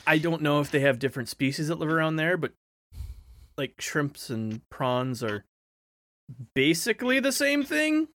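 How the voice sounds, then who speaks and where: A man's voice: on the high side, big pitch swings, moderate pace, a bit bright. A man in casual podcast chat, reasoning through points and teasing the others.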